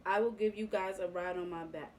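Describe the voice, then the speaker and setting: A woman reading as a gentle farm horse. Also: medium pitch, steady tone, fairly quick, slight background noise, lightly acted, low-quality recording. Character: kindly male farm horse. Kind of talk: storybook read-aloud.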